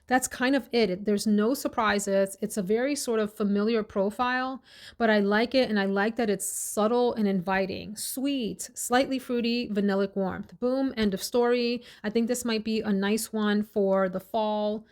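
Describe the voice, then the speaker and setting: Chatty woman doing a perfume review, mid pitch, gets excited and slows down on the scent notes. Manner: chatty, enthusiastic, lists scent notes slowly. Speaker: fragrance reviewer. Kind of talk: casual review vlog.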